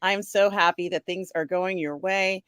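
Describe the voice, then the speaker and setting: A woman's voice: on the low side, fairly even intonation, moderate pace, a bit bright, smooth, no room sound, clean studio sound. A woman hosting a casual live-stream chat show, upbeat, welcoming guests and reading viewer comments aloud. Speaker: host.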